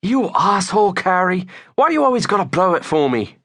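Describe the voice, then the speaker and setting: A man's voice: on the high side, wildly swooping pitch, fairly quick, a bit bright, dry recording, studio quality, pitched above the performer's own voice. A man voicing a cocky young guy who puts on a fake British accent and whines when exposed. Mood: whining. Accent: put-on British. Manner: whiny, cocky.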